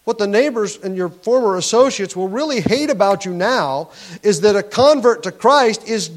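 A man with a somewhat high voice delivers a sermon. He teaches through a scripture passage in an earnest way, lifting his pitch and volume on key words. He often restarts a phrase before carrying on. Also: animated, normal speed. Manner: earnest teaching with rising emphasis and frequent restarts. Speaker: pastor.

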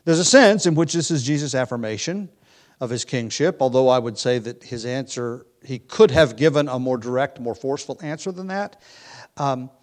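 A man teaching a Bible study, talking in a relaxed, conversational way with frequent pauses and restarts. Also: mid-range voice.

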